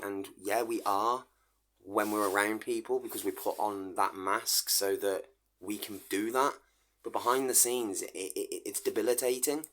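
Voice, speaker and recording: A middle-aged man speaks in a low voice that barely rises or falls. He talks earnestly in a personal vlog monologue. He often stammers and restarts his sentences. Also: steady tone, unhurried, fairly bright tone. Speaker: vlogger.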